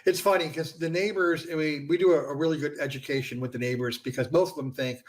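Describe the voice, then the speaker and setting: A man, a franchise founder and guest, explaining his business in a casual interview and filling pauses with "you know". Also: fairly high pitch, fairly even intonation. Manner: conversational, filler-heavy with frequent "you know".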